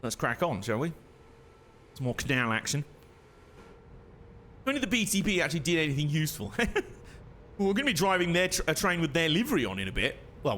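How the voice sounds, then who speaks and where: A man's voice: mid-range voice, a bit bright, a little hiss or hum. Chatty young man streaming a train game. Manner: chatty, self-mocking, laughs often. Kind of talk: casual gameplay commentary.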